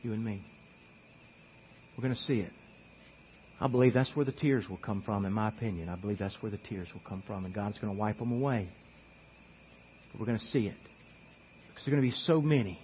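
Husky, impassioned preaching man. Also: high-pitched, muffled recording. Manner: pleading, swings from quiet to impassioned. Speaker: pastor. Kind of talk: sermon.

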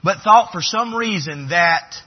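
A man's voice: high-pitched, animated, unhurried, highs cut off. A man preaching a sermon as pastor, building to fervent, emphatic repetitions.

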